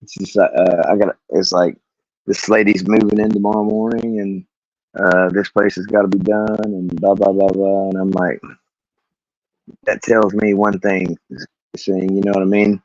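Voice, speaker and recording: A man's voice: lowish voice, flat delivery, normal speed, no room sound. A man ranting about his workday to camera, rambling and swearing, laughing often. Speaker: vlogger. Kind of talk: casual rant. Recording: dull, lo-fi, dry recording.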